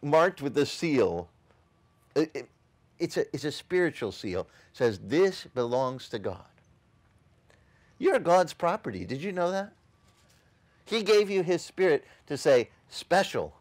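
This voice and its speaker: Animated, lively-pitched man preaching. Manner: animated, conversational preaching with rhetorical questions to the congregation; mocks opposing views in dismissive quoted voices. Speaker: pastor. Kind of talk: sermon. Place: outdoor beach service.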